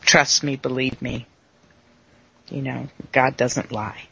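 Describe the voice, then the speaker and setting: A Bible study leader teaching slowly, quoting scripture and laughing easily with the group. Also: medium pitch, fairly even intonation, creaky, husky. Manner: slow, warm, laughs easily, quotes scripture. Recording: dull lo-fi recording.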